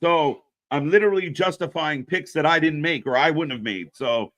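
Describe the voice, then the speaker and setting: A man's voice: on the high side, normal speed, fairly bright tone, no room sound. A man co-hosting a wrestling live stream, in casual, profane chat that reacts to the action and answers viewers.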